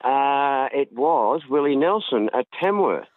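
A man's voice: mid-range voice, animated, slow, no room sound. An Australian man calling in to a radio show, telling a long rambling story in a chatty way over the phone. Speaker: caller. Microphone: phone line. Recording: tinny phone line.

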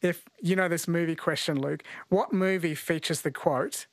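A man's voice: a little high, steady tone, normal speed, no echo, studio quality. A man hosting a radio call-in quiz, chatting in a friendly way with callers. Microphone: studio mic.

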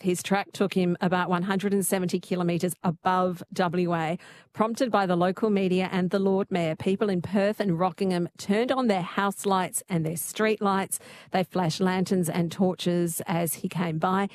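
A woman hosting a talkback radio quiz, chatty and quick to laugh. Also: lowish voice, fairly even intonation, a little mellow.

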